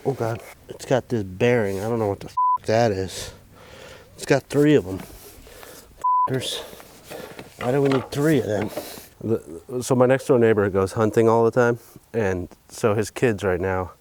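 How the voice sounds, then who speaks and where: A man's voice: medium pitch, background noise. Cursing, joking man working on a tractor. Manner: profane, joking, muttering to himself. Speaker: DIY farm vlog host. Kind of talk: casual narrated self-talk while working. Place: outdoors on a farm by a tractor.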